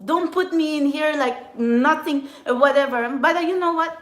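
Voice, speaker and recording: Woman tarot vlogger, high voice, heated swearing rant, echoey room. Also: normal speed, hardly any pauses. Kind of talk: angry ranting monologue.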